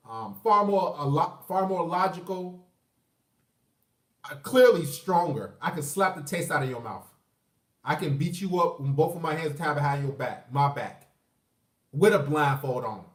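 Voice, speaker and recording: High-voiced man ranting profanely, echoey room. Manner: profane, emphatic, combative. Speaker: vlogger. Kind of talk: ranting livestream monologue. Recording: echoey room, far from mic.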